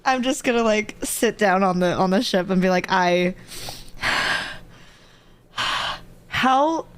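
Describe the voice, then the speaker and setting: A woman's voice: mid-range voice, normal speed, smooth. A woman player in a tabletop game, chatting casually and restarting her sentences often. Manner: chatty, restarts, many "like" fillers. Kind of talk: casual tabletop role-play.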